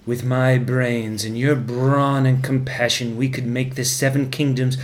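A man voicing a scheming, lovesick little uncle in a slow, low, campy parody reading. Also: little pitch movement, lightly acted.

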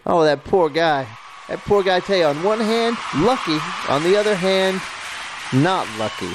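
A man's voice: high-pitched, animated, normal speed, background noise. A man playing a folksy, stammering talk show host in an improv comedy sketch.

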